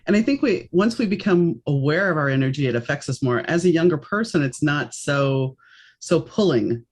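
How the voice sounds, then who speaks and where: A middle-aged woman from New Orleans with a faint, mixed American accent, hosting a casual podcast interview in a chatty, animated way. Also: low-pitched, normal speed. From New Orleans, United States. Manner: chatty, animated, jumps between stories. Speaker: podcast host.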